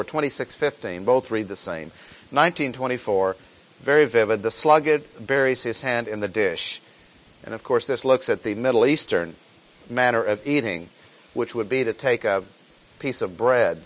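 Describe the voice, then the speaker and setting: A man teaching a sermon, reading scripture verses and explaining them in a slow, deliberate way, repeating key phrases for emphasis. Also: medium pitch. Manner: reads scripture aloud, then explains it plainly. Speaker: preacher.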